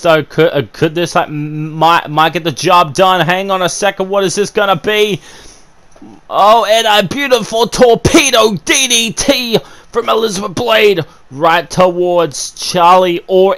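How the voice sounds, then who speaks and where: A medium-pitched male voice calls the action of a wrestling video game in eager, amateur style, his commentary riddled with fillers and stuttered false starts.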